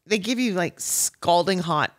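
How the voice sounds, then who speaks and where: Funny middle-aged lady telling stories, kinda low voice, keeps cracking up and doing voices. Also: expressive, a little slow. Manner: laughs often, acts out voices in her stories. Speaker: guest, actress and comedian. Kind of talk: animated anecdote telling.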